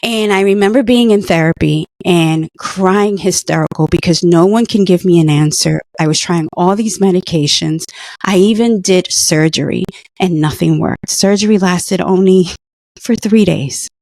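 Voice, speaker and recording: A woman's voice: fairly low pitch, normal speed, darkish tone, no echo, studio quality. A middle-aged woman earnestly telling a personal story in conversation, emotional at times. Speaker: guest, former patient.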